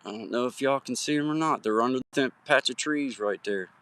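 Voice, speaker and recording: Out on a hiking trail at sunset, a Virginian man streams live from his phone, chatting casually and greeting his viewers by name with folksy friendliness. He talks briskly at medium pitch with a fairly bright tone.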